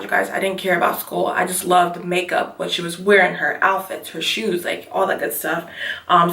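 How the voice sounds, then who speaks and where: A woman's voice: mid-range voice, vocal fry, sharp tone, reverberant, recorded from a distance. A woman in her twenties, from Nigeria, talking casually and rambling through a get ready with me vlog. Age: 20s. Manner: casual, rambling, keeps saying you guys. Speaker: beauty vlogger.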